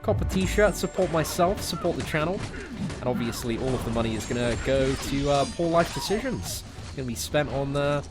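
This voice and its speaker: A man's voice: medium pitch, expressive, fairly quick. A young British man in his twenties, livestreaming a game and bantering casually with his chat in a laid-back, jokey way. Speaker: gaming livestreamer. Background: music playing.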